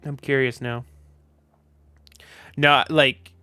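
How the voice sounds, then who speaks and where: Southern-accented man, smooth and dry. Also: mid-range voice, little pitch movement, extremely slow, sharp tone, dry recording. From Southern United States. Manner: loose and profane, laughs often. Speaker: streamer. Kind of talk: casual livestream chat.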